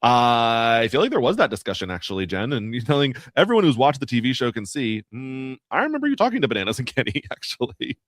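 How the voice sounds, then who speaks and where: A man's voice: mid-range voice, sing-song, fast, few pauses, fairly bright tone. A man co-hosting a podcast in casual chat, laughing often and quoting people in mock voices. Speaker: podcast co-host.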